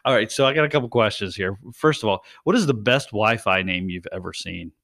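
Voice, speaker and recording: A man's voice: on the low side, brisk, vocal fry, fairly bright tone. A man hosting a casual podcast chat, asking questions and laughing often. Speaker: podcast host.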